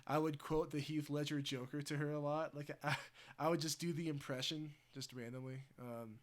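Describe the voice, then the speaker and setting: A man's voice: fairly high pitch, fairly even intonation, moderate pace. Rambling, crude young-sounding livestreamer man. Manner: rambling, crude, laughing asides. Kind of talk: casual chat.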